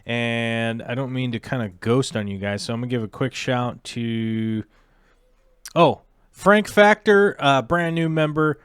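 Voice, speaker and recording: A man's voice: mid-range voice, normal speed, hardly any pauses, clear, resonant tone, no room sound, clean studio sound. A man hosting a casual aquarium livestream, chatting loosely with many fillers and restarts.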